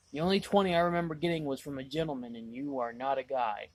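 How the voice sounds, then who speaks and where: A man's voice: medium pitch, fast talker, few pauses. Rambling, exasperated man telling a story. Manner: rambling, lots of "I was like" asides; exasperated, self-mocking. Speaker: vlogger. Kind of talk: casual storytelling vlog.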